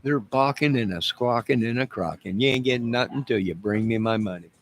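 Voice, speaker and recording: A man hosting an online music and movie channel rants to his viewers in a comic, drawling, rambling way, sounding boastful and mock-menacing. His voice is medium-pitched and fairly quick, with a little hiss or hum.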